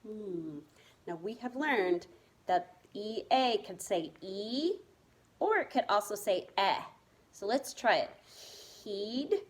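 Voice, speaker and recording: Slow, patient woman teaching first grade. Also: mid-range voice, animated. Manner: slow, patient, encouraging teacher talk, spelling words letter by letter. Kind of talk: remote reading lesson for young children.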